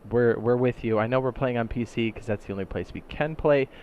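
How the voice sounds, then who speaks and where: A man hosting a gaming update video, chatting casually and excitedly, throwing in silly sound effects. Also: medium pitch, brisk, lo-fi sound, a little hiss or hum. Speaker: gaming channel host.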